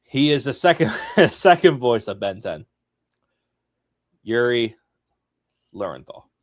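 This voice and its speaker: A man co-hosting a casual podcast, talking slowly and with enthusiasm about his favorite voice actor. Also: mid-range voice, sing-song, no room sound, studio quality. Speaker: podcast co-host.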